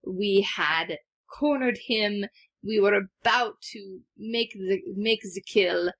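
A woman playing a tabletop game, speaking in character in a measured, formal way. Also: mid-range voice, fairly bright tone. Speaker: player voicing her character. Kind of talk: tabletop role-play in character.

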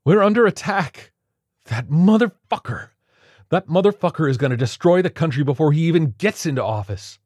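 A man voicing a violinist panicking in a basement during bombings, shrill and swearing. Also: unhurried, dry recording, clean studio sound, natural voice. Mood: panicked. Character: panicked violinist in an air raid.

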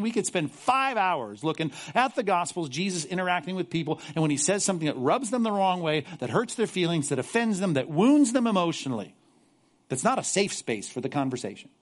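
A male pastor preaching a sermon, animated and sarcastic, mocking apologetic voices as he makes his point. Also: on the high side.

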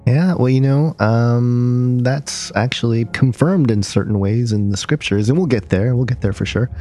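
Mellow dark-toned guy cohosting a podcast, chatty, laughs a lot. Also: medium pitch, normal speed. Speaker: podcast co-host. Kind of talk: casual podcast chat.

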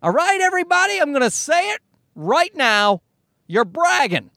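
A man's voice: very high-pitched, sing-song, normal speed, bright, forceful tone, no room sound, studio quality. A man hosting a comedy podcast, ranting in a worked-up way and swearing freely. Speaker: podcast host.

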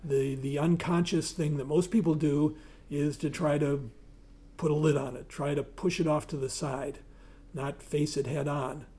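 A man giving a talk, partly reading aloud and partly speaking freely with hesitations, and often clearing his throat. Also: on the high side, steady tone, a little slow, warm tone. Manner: reads aloud, then speaks with hesitations and fillers.

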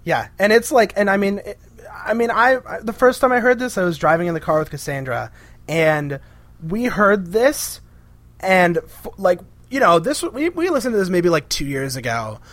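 A man's voice: sits high, normal speed, dry recording. A man co-hosting a podcast, chatting casually and jokingly acting out characters' lines. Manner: animated, jokey, acts out voices. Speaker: podcast co-host.

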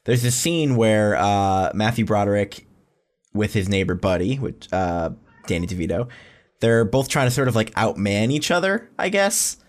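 A man's voice: fairly low pitch, moderate pace. A man co-hosting a casual movie-review podcast, retelling scenes wryly and breaking into laughs. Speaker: podcast co-host.

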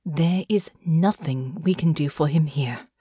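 A woman voicing Delphinia, a tall, grim, knowing young noblewoman, speaking low, slow and soft in an audiobook. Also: sing-song, breathy edge, no room sound, studio quality. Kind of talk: audiobook character voice.

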